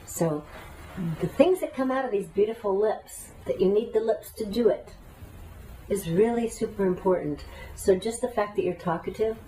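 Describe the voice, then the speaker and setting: A woman's voice: medium pitch, normal speed, dark tone, far from the mic, slight background noise, rough recording. A woman teaching a class, talking earnestly and at length and guiding the listeners through breathing exercises. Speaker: meditation teacher.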